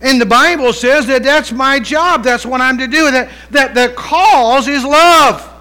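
A man's voice: very high-pitched, a little slow, pushed and bright, poor audio. A man preaching a sermon as pastor, talking conversationally, asking the congregation rhetorical questions and mixing in playful humor.

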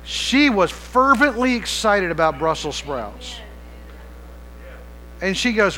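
Pastor, male, very high voice, sharp and tense tone; chatty sermon delivery with rhetorical questions and jokes. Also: big pitch swings, slow pace, a little hiss or hum, poor audio. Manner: conversational preaching with rhetorical questions; playful asides and humor.

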